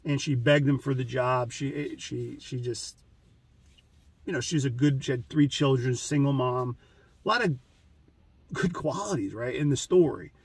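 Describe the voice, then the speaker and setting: Male host, mid-pitched husky voice, loose anecdotal delivery with frequent restarts, dry room, mic set back a little. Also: a little slow, dry recording, recorded from a distance. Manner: rambling, anecdotal, many restarts and fillers. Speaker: trading channel host. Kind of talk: casual monologue.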